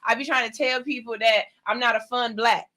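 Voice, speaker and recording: A woman hosting a radio show in a studio, talking in animated, joking slang with shouted hype calls. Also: on the high side, fairly quick. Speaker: radio host. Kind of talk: casual radio interview banter.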